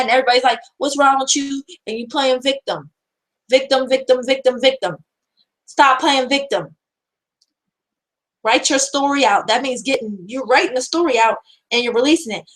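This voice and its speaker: A woman's voice: high voice, rough recording. A woman hosting an empowerment show, giving earnest, repetitive, preacher-like encouragement in casual motivational talk.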